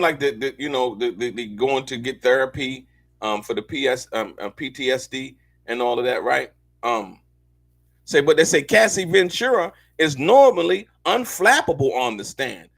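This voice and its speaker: A man's voice: a little high, vocal fry, a bit bright, slightly rough, no room sound. A man hosting a live show, commenting on court news in a loose, slangy way, repeating himself and talking straight to his viewers.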